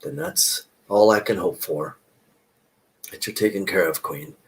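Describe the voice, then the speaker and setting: A worn-out country doctor explains himself in slow, careful sentences, as a man plays him in a solo play reading. The voice sits low and earnest. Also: very animated, creaky, heavily acted. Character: a weary small-town doctor, earnest and dutiful.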